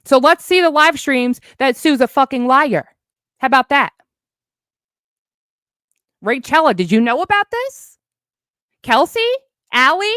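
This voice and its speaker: A woman's voice: high-pitched, lively intonation, unhurried, pauses often, fairly bright tone, dry recording, clean studio sound. A woman in a heated, profane livestream rant, sarcastic as she calls out her online critics. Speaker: streamer addressing online critics.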